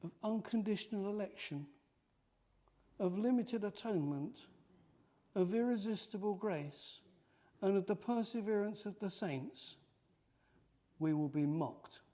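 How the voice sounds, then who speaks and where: A man preaching a sermon in a church, animated and lively, acting out the mockers' voices. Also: high voice, unhurried, pauses often.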